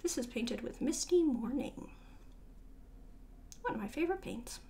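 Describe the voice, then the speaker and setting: A young woman with a fairly high voice gives a relaxed, chatty tour of her art sketchbooks. She rambles, trails off and corrects herself as she goes, keeping it informal and friendly. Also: measured pace, vocal fry, slight background noise. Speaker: artist showing her sketchbook.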